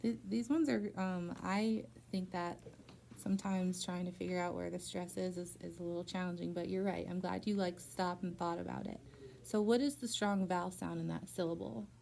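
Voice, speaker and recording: A woman's voice: lowish voice, steady tone, moderate pace, gravelly, a little mellow, a little hiss or hum. A young woman tutoring a child in phonics, patient and encouraging, guiding with questions. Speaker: reading teacher.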